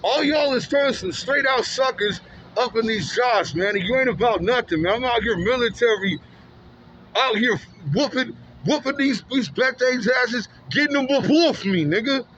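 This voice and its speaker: A man's voice: very high-pitched, moderate pace, a bit bright, muffled recording, slight background noise. A man in an emphatic, repetitive, slangy street monologue, recorded outdoors. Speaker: street vlogger.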